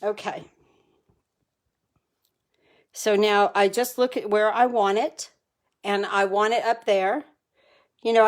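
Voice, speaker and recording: A woman hosting a live card-making demonstration from her craft room, chatty and enthusiastic, thanking viewers by name as she works. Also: mid-range voice.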